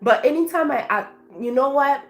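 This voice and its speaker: A woman's voice: high voice, normal speed. A woman from Africa, a life coach, chatting effusively on a live stream and thanking her viewers by name.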